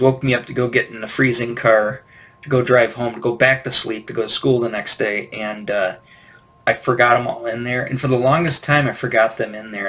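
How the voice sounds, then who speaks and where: In this casual reminiscing vlog, a male toy collector in his forties rambles through childhood toy memories, frequently correcting himself. His voice is mid-range with a fairly bright tone.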